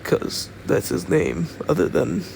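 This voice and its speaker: A man's voice: on the high side, wildly swooping pitch, slow, creaky, noisy background. A young man casually making up a fan-fiction story as he goes, rambling and thinking aloud, recorded on his phone.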